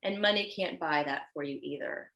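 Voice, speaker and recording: Woman designer guest, low-pitched, warm-hearted effusive storyteller in casual interview. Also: normal speed, lo-fi sound. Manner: earnest and effusive, animated when telling stories.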